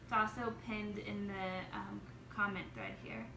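A woman's voice: medium pitch, big pitch swings, unhurried, gravelly. A young woman hosting a nail salon livestream in a casual chatty way, reading viewer comments aloud. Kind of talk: casual livestream chat and demo. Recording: echoey room, distant mic, noisy.

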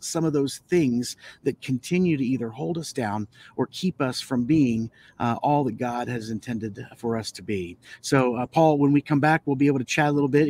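A man hosting a live show, introducing a talk in a halting way with many fillers. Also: on the high side, a little mellow, no echo. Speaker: host.

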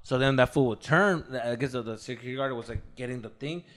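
A man with a Chicano English accent telling a wild story on a casual podcast, swearing a lot and loudly acting out what people said. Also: medium pitch, quick pace. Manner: animated, swears a lot, acts out quotes loudly. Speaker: podcast co-host.

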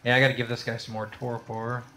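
A man of middle pitch talks easily through a co-op game session with a friend. He stays laid-back, then bursts out with a curse when something goes wrong. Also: monotone, fast talker, bright, forceful tone. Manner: laid-back, with sudden swearing outbursts. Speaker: gamer. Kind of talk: casual co-op gameplay chat.

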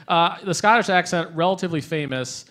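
A man moderating a convention panel, asking jokey questions and drawing them out slowly. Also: high voice, fairly bright tone. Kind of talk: casual moderated Q&A.

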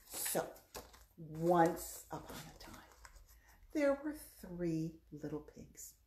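A woman children's librarian leading a playful storytime for young children, with songs and a story in a library. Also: deep voice. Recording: echoey room.

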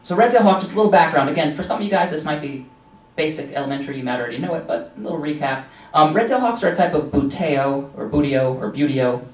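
A man gives a relaxed, rambling slideshow lecture on nature to a live audience. His mid-pitched voice is full of ums and offhand asides. It is picked up from across the room, with a roomy echo around it. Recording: echoey room from a distance.

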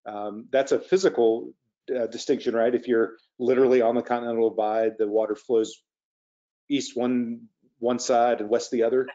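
A man's voice: mid-range voice, level tone, moderate pace, warm tone, dull audio. A man from Virginia moderating a public conversation, asking questions in a friendly, hesitant way.

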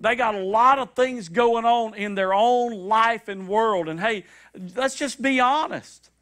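Bright high-voiced man preaching. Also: a little slow. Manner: animated preaching with high acted quotes and repetition. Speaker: pastor. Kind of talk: sermon. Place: church sanctuary.

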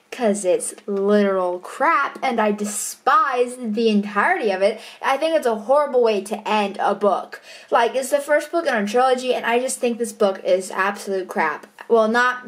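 A woman talking in a casual vlog diary at home, chatty, bubbly and quick to correct herself. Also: fairly high pitch, expressive. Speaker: vlogger and co-writer of a book.

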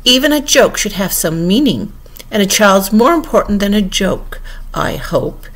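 A woman voicing a stern, bossy queen in a storybook reading, sharp and impatient. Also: on the high side, very animated, normal speed, voice pushed up. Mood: sharp, scolding.

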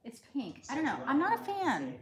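A woman's voice: high-pitched, huge pitch swings, normal speed, a crowd in the background. A woman co-hosting a casual live stream, teasing and interjecting often. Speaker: co-host.

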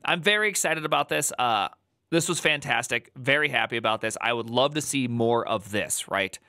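A man streaming live, reacting to a video with excitable, fast, swinging commentary. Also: mid-range voice, no room sound, studio quality. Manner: excitable, fast, swinging between quick rants and drawn-out emphasis.

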